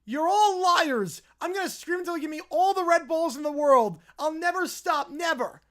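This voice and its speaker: A man voicing a whiny, bratty little boy who screams his demands over and over in a shrill whine. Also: animated, normal speed, a bit bright. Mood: whining. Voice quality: shrill whining.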